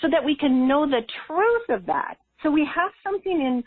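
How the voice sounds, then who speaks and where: A woman's voice: sits high, normal speed, dry recording. Guest, woman, spiritual coach, chatty storyteller who laughs a lot, heard over a thin phone line. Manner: laughs often, lively and earnest. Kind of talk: conversational storytelling.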